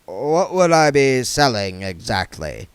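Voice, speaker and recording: A man voicing a shifty, mournful middle-aged hustler who talks slowly in a low mumble, reading a storybook. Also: sing-song, clear, resonant tone, no room sound. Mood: wheedling.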